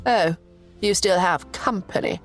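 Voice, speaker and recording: A woman's voice: medium pitch, a little slow, soft background music. A woman voicing a haughty, irritable middle-aged queen who speaks curtly and imperiously in a storybook reading. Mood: grumbling. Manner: imperious, curt.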